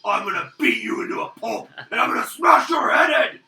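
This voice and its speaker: A man's voice: very high-pitched, animated, slow pace, sharp tone, pitched above the performer's own voice, full character voice. A man voicing a furious, brutish male troll who bellows threats. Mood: enraged. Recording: roomy, distant mic.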